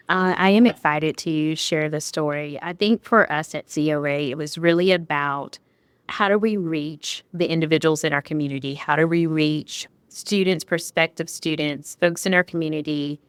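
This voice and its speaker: A woman speaks as a guest on a podcast taped live at a conference. She answers in an earnest, measured way and often repeats her phrasing. Her voice sits low and sounds crisp and dry, with no room around it. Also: no room sound. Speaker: guest, college vice president. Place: conference venue.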